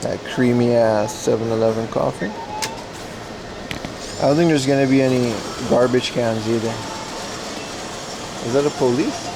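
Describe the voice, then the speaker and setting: A man's voice: medium pitch, fairly even intonation, moderate pace, vocal fry, pauses often, noisy background. A man from the Netherlands hosting a casual outdoor livestream, rambling and laughing as he walks through a rainy mountain town. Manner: chatty, rambling, laughs often. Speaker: livestream host. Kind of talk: casual IRL livestream chat.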